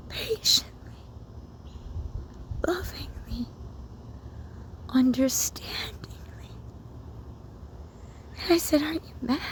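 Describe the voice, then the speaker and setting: A woman giving an intimate, emotional spiritual talk, often dropping to a whisper, recorded outdoors. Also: extremely high pitch. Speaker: spiritual content creator. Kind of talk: personal spiritual talk to camera.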